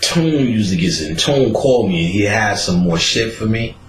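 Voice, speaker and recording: A man's voice: on the low side, expressive, normal speed. A man hosting a podcast, telling a profane story in casual chat while laughing often. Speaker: podcast host. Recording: roomy echoey recording.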